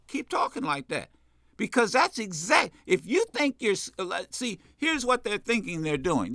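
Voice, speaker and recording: A man hosting a talk radio show, giving impassioned political commentary in a preachy way, repeating phrases and building to shouts. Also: extremely high pitch, dry recording, clean studio sound.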